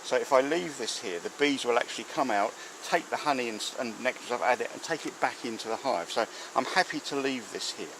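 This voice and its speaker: A man's voice: mid-range voice, animated, brisk, hardly any pauses, background noise. A man, a beekeeper giving rambling, filler-heavy commentary outdoors at a hive, recorded on camera. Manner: chatty, rambling with many fillers. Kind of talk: casual hands-on commentary. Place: outdoors beside a beehive. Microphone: handheld or mounted camera. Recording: buzzing bees clearly heard behind. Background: buzzing bees.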